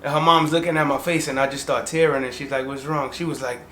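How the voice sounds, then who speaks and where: A man's voice: on the high side, fairly even intonation, quick pace, pushed and bright. A young man co-hosting a vlog, who jumps in to take over a personal story in a laid-back, casual way. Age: young adult. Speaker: co-host vlogger. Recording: echoey room with faint noise.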